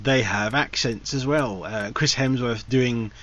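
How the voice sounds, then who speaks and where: A man's voice: medium pitch, unhurried, a bit bright. A man hosting a casual film review show, rambling with fillers and restarts. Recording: dull lo-fi recording, faint hiss.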